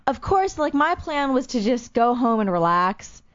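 Animated young woman telling a story. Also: fairly high pitch, moderate pace. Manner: animated storyteller, acts out quoted voices. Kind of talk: casual chat. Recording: dull lo-fi recording.

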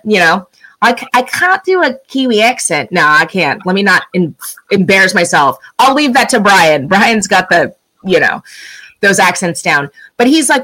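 A middle-aged woman chatting casually as a podcast guest. She tells stories with energy and jumps into playful voices for the people she quotes. Her voice sits at a middle pitch. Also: brisk, low-quality recording. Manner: animated storyteller, acts out quoted lines. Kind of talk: casual chat.

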